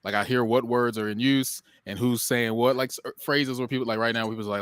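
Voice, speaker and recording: A man's voice: medium pitch, fairly even intonation, a little fast, fairly bright tone, smooth, dry recording. Rambling man on a podcast, dry sound. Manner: rambling, full of fillers and restarts; reflective, self-aware musing. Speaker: podcast co-host. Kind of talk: casual podcast chat.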